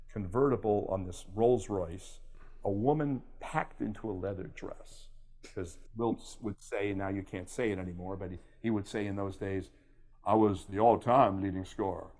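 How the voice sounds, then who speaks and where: An older man from Miami with a fairly low voice tells sports anecdotes as an interview guest. He is animated and lively, slipping into impressions and jumping back into his own telling. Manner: animated storyteller, does impressions. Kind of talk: casual storytelling interview.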